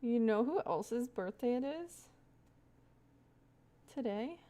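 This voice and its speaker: A woman's voice: fairly high pitch, expressive, takes it slowly, mellow. A young woman livestreaming, rambling casually to her chat with frequent laughs. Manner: chatty, rambling, laughs often, talks to chat.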